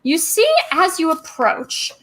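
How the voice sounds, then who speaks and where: Woman game master, high bright voice, giggly, halting narration. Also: lively intonation. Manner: giggly, halting, describes scenes with many fillers.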